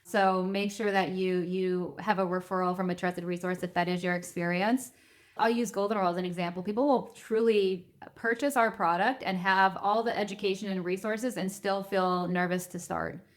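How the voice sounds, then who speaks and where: A woman guest on a podcast, an advisor, explaining her views in an earnest, measured way. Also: fairly low pitch, fairly even intonation. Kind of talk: interview answers.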